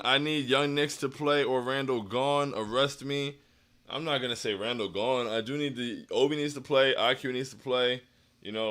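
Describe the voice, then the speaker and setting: A man's voice: mid-range voice, bright, forceful tone, smooth. Dejected man on a postgame stream. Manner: dejected, sighing, restarts often. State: down after a loss. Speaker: stream host. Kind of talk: postgame livestream reading chat comments.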